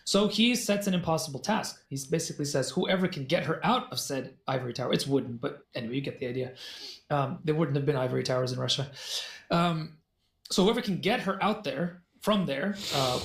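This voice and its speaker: A man telling a fairy tale as a podcast guest, in an animated, jokey way with asides. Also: fairly high pitch, moderate pace, gravelly. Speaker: guest storyteller. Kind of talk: casual storytelling in a podcast conversation. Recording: roomy echo.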